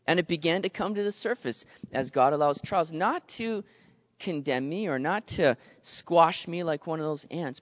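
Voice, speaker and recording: A man preaching a sermon in an animated way, acting out the voices he quotes. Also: a little high, normal speed. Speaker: pastor. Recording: dull lo-fi sound with long reverb.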